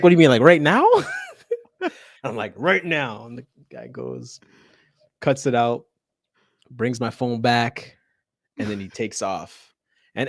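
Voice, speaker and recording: A man's voice: mid-range voice, dry recording, studio quality. A man, a teacher, telling a story in casual chat, laughing often and acting out the people in it.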